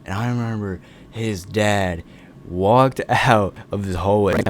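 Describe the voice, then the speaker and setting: A man's voice: lowish voice, slow, slight background noise. A young man casually telling a long personal story, laid-back and rambling, with lots of swearing.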